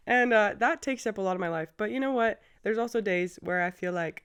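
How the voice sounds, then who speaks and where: A woman's voice: mid-range voice, fairly quick, few pauses, fairly bright tone, clear, resonant tone, lo-fi sound. A woman in her twenties hosting a casual solo podcast, chatty and effusive, laughing often. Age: 20s. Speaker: podcast host.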